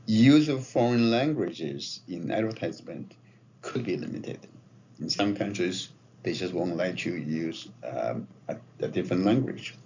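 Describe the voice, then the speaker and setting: A man's voice: low voice, expressive, unhurried. A man giving a conversational marketing lecture, often checking in with his listeners. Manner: conversational, often tags phrases with "right?" and "okay?". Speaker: marketing professor. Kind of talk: classroom lecture. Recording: dull lo-fi lecture recording with faint noise.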